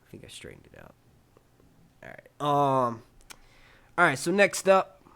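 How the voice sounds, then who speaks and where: This is a man with a New York accent who hosts a casual live-stream Q&A. His voice sits a touch high for a man. He rambles excitably from one question to the next and swears easily. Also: measured pace, clean tone. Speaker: channel host answering chat questions.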